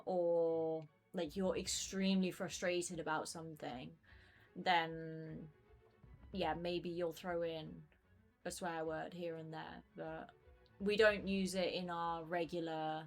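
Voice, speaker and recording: Chatty young woman streamer, lowish voice. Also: steady tone, slow, faint music behind. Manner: chatty, rambling, many fillers. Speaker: game streamer. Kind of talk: casual gaming stream chat.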